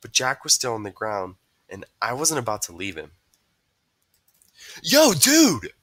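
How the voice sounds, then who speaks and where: A man's voice: fairly low pitch, animated, fairly quick, sharp tone, no echo. A man reading a novel aloud, telling the story expressively and voicing each character. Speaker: reader.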